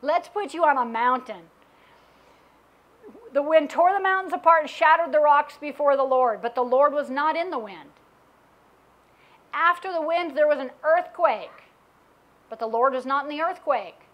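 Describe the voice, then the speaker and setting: High-voiced woman preaching candidly. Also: moderate pace, dull audio. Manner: candid, self-questioning Bible teaching with acted quotes. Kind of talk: sermon.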